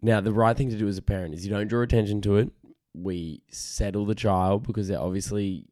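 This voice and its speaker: A man's voice: lowish voice, steady tone, fairly quick, a little mellow, no room sound, studio quality. A tired man hosting a casual solo podcast, rambling, frank and self-deprecating, swearing freely. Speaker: podcast host.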